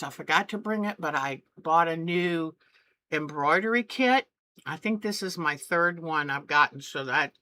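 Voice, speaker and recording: Slow-talking chatty older quilter woman. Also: on the low side, sharp tone. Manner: rambling and homey, with many fillers and restarts. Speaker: quilting channel host. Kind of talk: casual chat.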